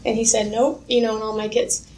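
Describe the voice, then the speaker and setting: A woman's voice: on the high side, completely flat delivery, fast, darkish tone. Woman workshop speaker, heartfelt storyteller, faint room noise. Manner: heartfelt, storytelling, laughs easily. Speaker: youth ministry speaker. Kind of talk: workshop talk. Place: conference room. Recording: echoey room with faint ambience.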